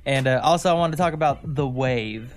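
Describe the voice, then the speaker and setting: A man's voice: mid-range voice, a little fast, slight background noise. A man co-hosting a casual music podcast, laid-back and full of slang. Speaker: podcast co-host.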